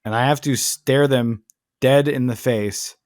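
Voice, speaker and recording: A man's voice: medium pitch, steady tone, measured pace, a little mellow, no echo, clean studio sound. A man co-hosting a comedy podcast, chatting casually and riffing jokes. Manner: riffing, joking, slipping into silly voices. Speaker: podcast co-host.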